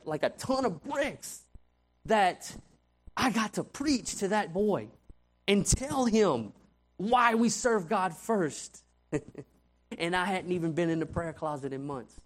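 A man preaching a conversational sermon as a youth pastor, telling stories animatedly and asking "right?" often. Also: on the high side. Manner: animated storytelling, frequent "right?" asides.

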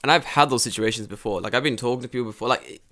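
A man's voice: mid-range voice, rapid-fire, bright, forceful tone. A man co-hosting a casual chat, telling profane stories with lots of mimicked voices.

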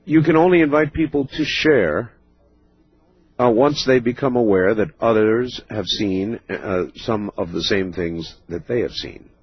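A man hosting a late-night call-in radio show, speaking in a measured way as he takes calls. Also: lowish voice, breathy edge, no echo. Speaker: radio talk show host. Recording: muffled radio broadcast.

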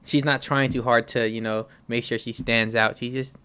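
A man's voice: mid-range voice, flat delivery, normal speed, sharp tone, clear, resonant tone. A man co-hosting a podcast in casual chat, laid-back and slangy, often laughing. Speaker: podcast co-host.

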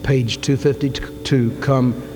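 A man preaching a sermon in a church, telling a story with acted-out voices that swing from shouts to whispers. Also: mid-range voice, steady tone, slow, music in the background. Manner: dramatic storytelling, acts out quotes, rising to shouts then dropping to whispers. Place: church sanctuary. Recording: long hall reverb, faint hum.

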